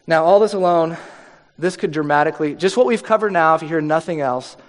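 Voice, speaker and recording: A man's voice: fairly high pitch, brisk. A man in his thirties preaching a sermon in a conversational way, often acting out quoted voices. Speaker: pastor. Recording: long hall reverb.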